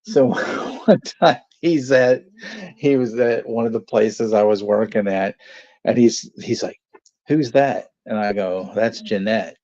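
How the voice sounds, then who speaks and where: A man's voice: fairly low pitch, slow pace, darkish tone, no room sound. A man telling casual anecdotes on a watch party stream, laughing often and swearing freely. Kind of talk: casual storytelling chat. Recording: dull lo-fi dry sound.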